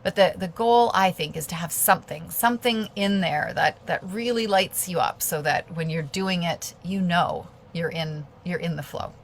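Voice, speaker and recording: Woman on a video call, kinda low and gravelly, rambly with lots of ums, gets excited. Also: moderate pace, few pauses, a little hiss or hum. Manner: rambling, many fillers and restarts; lights up with enthusiasm. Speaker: guest speaker. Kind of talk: casual talk on a video call.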